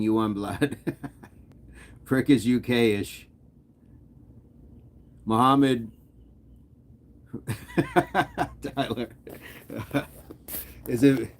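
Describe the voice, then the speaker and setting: A man hosting a fitness livestream, casually reading viewers' comments aloud and chatting back with an easygoing, laughing manner. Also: mid-range voice.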